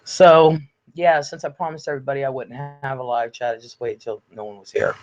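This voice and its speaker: An older man chats casually on a home livestream, reading out viewer comments in a blunt, chatty way with the odd curse. His voice sits at an ordinary pitch and sounds a little congested. The audio is slightly dull and lo-fi. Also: fairly quick, soft background music. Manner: chatty, blunt, swears freely. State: recovering from illness, congested. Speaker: livestream host.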